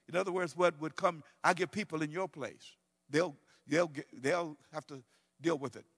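A man preaching a sermon, swinging between loud bursts and hushed, slowed-down quotations. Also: medium pitch, big-room sound. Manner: preaching with dramatic swings of volume and pace, drawn-out quotes.

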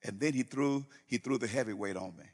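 A man's voice: medium pitch, brisk, a little mellow. A middle-aged man, a pastor, preaching a sermon in a storytelling way, acting out conversations and often restarting his sentences. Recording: reverberant hall.

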